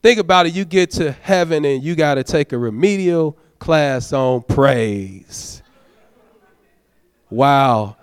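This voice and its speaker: A man's voice: on the high side, expressive, slow pace, clear, resonant tone, no room sound. A man, a deacon, preaching a sermon, urging the congregation in a conversational, folksy way and prodding them for amens. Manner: exhorting, prods the congregation for amens.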